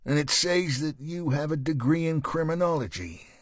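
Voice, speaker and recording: A man voicing a gruff, hulking male sergeant with a deep, angry voice and an accent mixing East Coast American and Belfast. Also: moderate pace, no room sound, studio quality, lightly acted. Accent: mix of East Coast American and Belfast.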